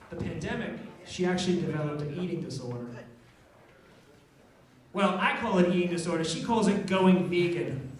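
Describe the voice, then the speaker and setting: Wry high-voiced male comic, self-deprecating, caught from a distant camera. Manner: wry, self-deprecating, laughs at own jokes. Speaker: stand-up comedian. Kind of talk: stand-up set. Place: small pub stage. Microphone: far handheld camera. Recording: echoey pub from a far camera.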